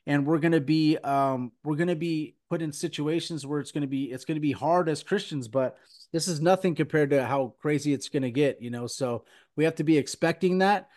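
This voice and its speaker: On the high side and a little fast, with a darkish tone, a man hosts a Christian podcast. He rambles earnestly, filling his casual chat and preaching with many fillers.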